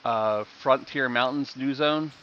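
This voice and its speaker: Chatty male game streamer, bright voice. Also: mid-range voice, measured pace, highs cut off, slight background noise. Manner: chatty, explains game economy and thanks viewers. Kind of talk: casual live-stream commentary.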